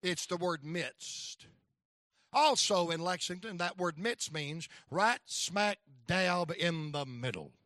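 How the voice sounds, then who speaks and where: High, lively North Carolina preacher. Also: male voice, slow, no room sound, studio quality. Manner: folksy storytelling, rising to shouts. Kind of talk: sermon.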